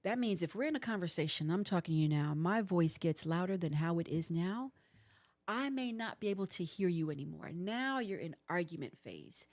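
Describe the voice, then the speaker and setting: A woman's voice: lowish voice, animated, moderate pace, a little mellow. A woman in her forties, a host and counselor, giving earnest relationship advice on a livestream and acting out what couples say. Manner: earnest, coaching, acts out couples' lines.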